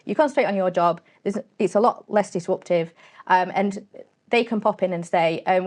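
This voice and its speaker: Woman, lowish voice, casual interview guest, straight-talking. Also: moderate pace. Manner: chatty, straight-talking, explains with acted-out dialogue. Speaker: guest, cybersecurity company CEO.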